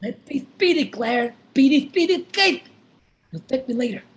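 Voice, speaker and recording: A woman's voice: high-pitched, expressive, moderate pace, roomy sound. A woman playing a lisping masked man in a hurry. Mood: hurried. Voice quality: lisp. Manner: urgent, pleading, often whispered. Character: limping lisping masked man, jumpy kidnapper. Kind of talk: live play reading over video call. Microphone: video call.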